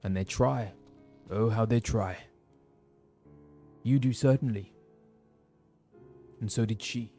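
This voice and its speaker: A man voicing a gentle older frontier villager. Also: lowish voice, slow, pauses often, faint music behind. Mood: wistful. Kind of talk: reading game dialogue aloud.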